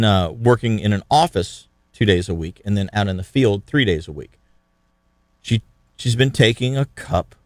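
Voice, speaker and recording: A man's voice: mid-range voice, fairly bright tone, dry recording, studio quality. A man hosting a radio show, chatting casually and telling stories in a folksy, rambling way. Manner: folksy, rambling, with many "you know" asides. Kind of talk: casual radio talk and storytelling.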